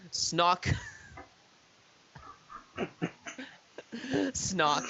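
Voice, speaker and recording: A man's voice: fairly high pitch, a bit bright, dull audio, slight background noise. A young man reading a silly fanfiction aloud for laughs, stumbling over misspellings and cracking up as he goes. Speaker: reader of a fanfiction. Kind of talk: comedic dramatic reading.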